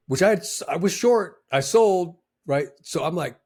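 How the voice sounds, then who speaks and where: A man, a former trader, giving advice in a casual, animated way, with emphatic bursts and frequent fillers. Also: fairly high pitch, a little fast, hardly any pauses, breathy edge. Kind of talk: casual motivational talk.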